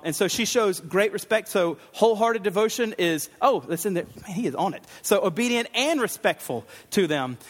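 A man preaching a sermon as pastor, animated, acting out the lines of the people in his text. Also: sits high, big-room sound. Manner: animated, acts out Bible figures' lines.

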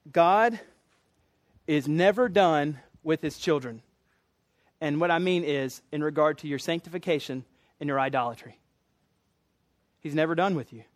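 A man's voice: high-pitched, no echo. A man preaching a casual, conversational sermon, acting out the voices of people in a parable with jokey asides. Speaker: pastor.

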